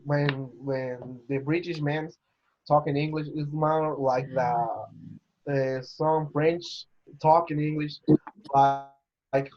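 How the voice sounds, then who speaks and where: Slow halting male student. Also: on the high side, little pitch movement. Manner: halting, many fillers, searching for words. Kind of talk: explaining in class. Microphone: video call. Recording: dull lo-fi call audio.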